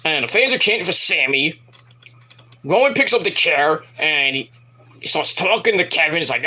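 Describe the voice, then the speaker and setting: A man casually reviewing a wrestling event in a rambling, animated retelling with asides. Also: fairly high pitch, moderate pace, a little hiss or hum.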